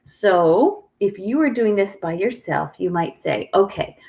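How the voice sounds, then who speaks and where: Woman music teacher, patient and clear, leads kids in echo rhythms, average pitch. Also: lively intonation, a little slow, a little mellow, a little hiss or hum. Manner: patient, clear, sing-song call-and-response prompting. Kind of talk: online music lesson for children.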